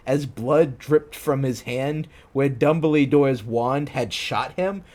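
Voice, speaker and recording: A man with a mid-range, slightly mellow voice reads fan fiction aloud on a stream, going slowly with few pauses. He keeps stopping to mock it in disbelief, then breaks into laughter.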